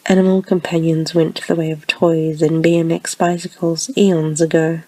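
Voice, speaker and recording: A woman's voice: low voice, level tone, moderate pace, warm tone, no room sound. A woman voicing an arrogant, ruthless woman enforcer from the future in a whispered role-play, speaking with scorn and threats. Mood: scornful.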